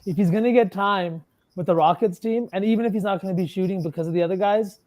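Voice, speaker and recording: High-voiced man in casual sports chat. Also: fast, darkish tone. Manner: loose, swears freely, thinks aloud. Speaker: sports betting podcast co-host.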